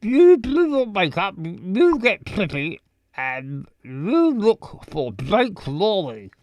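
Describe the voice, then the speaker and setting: A woman's voice: mid-range voice, sing-song, slow pace, darkish tone, dry recording, low-quality recording. A woman voicing a blunt, teasing best friend in a video game. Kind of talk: game voice acting.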